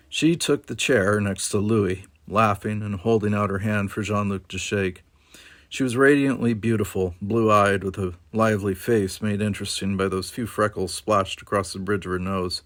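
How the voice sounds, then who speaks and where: A man reading a novel aloud in a steady, measured narration. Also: lowish voice. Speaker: audiobook reader.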